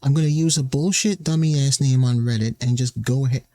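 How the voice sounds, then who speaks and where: A man's voice: medium pitch, a little fast, warm tone, no room sound. A man streamer delivering a heated, swearing commentary rant that mocks the people he quotes.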